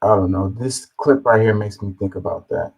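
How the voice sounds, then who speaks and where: A man's voice: lowish voice, normal speed, gravelly, husky, lo-fi sound. A man hosting a reaction video, musing aloud in a rambling way with lots of fillers. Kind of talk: casual reaction commentary.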